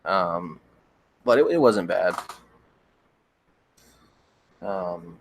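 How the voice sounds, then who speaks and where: A young man hosting a livestream, chatting casually with viewers in a relaxed, rambling way with frequent stammered restarts. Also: sits low, drawn-out words, vocal fry, a little hiss or hum. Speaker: livestream host. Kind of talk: casual chat reading viewer comments.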